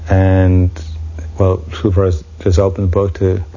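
Male storyteller, low, dark tone, dull lo-fi recording. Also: completely flat delivery, moderate pace. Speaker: devotee recounting memories. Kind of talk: anecdotal storytelling.

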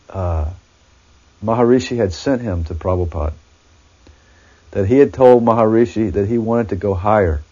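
Husky low-voiced man reminiscing. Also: darkish tone. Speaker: devotee recounting memories. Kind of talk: reminiscing storytelling. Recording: dull lo-fi recording.

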